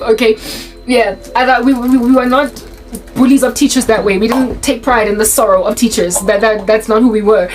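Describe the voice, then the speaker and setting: Animated, high-voiced woman. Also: low-quality recording. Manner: animated, laughs often mid-story. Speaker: faith vlogger. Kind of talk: casual storytelling.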